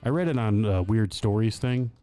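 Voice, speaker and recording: A man with a low voice and a dark, mellow tone chats loosely on a podcast. He wanders through a story with plenty of fillers and teases his co-hosts. A faint bit of guitar music plays underneath. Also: lively intonation, normal speed. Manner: teasing, laughs easily. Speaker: podcast co-host. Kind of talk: casual chat.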